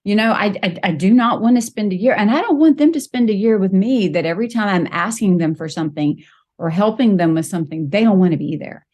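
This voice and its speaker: A woman's voice: mid-range voice, lively intonation, fast, a little mellow, muffled recording. A woman hosting a podcast interview, talking openly and asking her guest questions. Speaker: podcast host.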